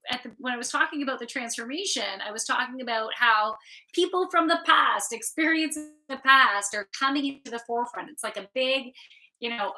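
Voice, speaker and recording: A woman's voice: a little high, pushed and bright, rough recording. A woman hosting a live oracle card reading, talking in a chatty, casual way and swearing offhandedly. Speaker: spiritual card reader and channeler.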